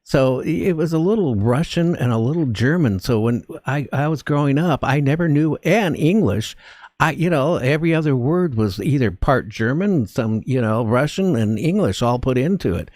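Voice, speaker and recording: A man hosting a talk radio interview, asking halting questions with repeated words. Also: mid-range voice, expressive, darkish tone, no echo, studio quality.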